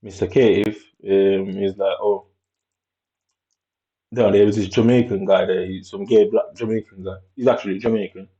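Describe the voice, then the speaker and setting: Low, warm-voiced man ranting. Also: fairly even intonation, normal speed. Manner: blunt and profane, acting out others' lines with sudden high jumps. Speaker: vlogger telling a personal story. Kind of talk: casual storytelling. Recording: dull lo-fi recording.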